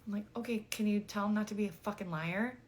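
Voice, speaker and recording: A woman's voice: mid-range voice, quick pace, a little hiss or hum. A woman vlogger telling a dating story in a chatty, exasperated way, full of "like" and casual swearing.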